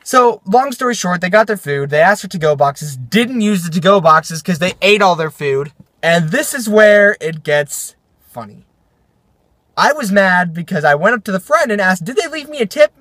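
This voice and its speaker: A man's voice: sits high, animated, moderate pace, fairly bright tone, no echo. A young man, a restaurant server, ranting casually in a vlog recorded in his car, mimicking rude customers as he tells a story.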